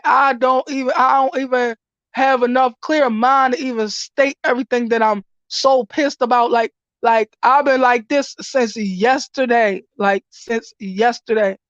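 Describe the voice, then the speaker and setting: A woman vlogs in a raw, ranting commentary, her high voice swinging from loud, cursing outbursts to low mutters. The sound is close and dry, with a dull, lo-fi edge. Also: dry recording. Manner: emotional, ranting, profane, swings between shouting and muttering. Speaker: vlogger. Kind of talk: angry commentary vlog.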